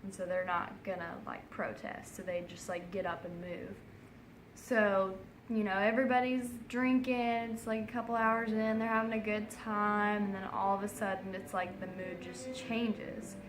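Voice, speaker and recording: A woman's voice: mid-range voice, flat delivery, moderate pace, roomy sound, background noise. A tipsy woman retelling an old saga in a rambling, casual comic way, full of "like" and "so then". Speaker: narrator.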